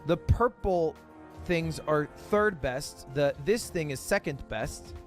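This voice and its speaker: A man's voice: on the high side, expressive, takes it slowly, faint music behind. A man streamer talking casually, explaining things in a laid-back, matter-of-fact way.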